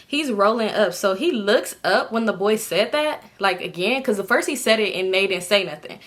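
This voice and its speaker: A woman in her twenties telling a story casually to camera, animated and swearing freely, jumping up in pitch when she acts out other people. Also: moderate pace. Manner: swears freely, talks straight to viewers. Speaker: storytime vlogger.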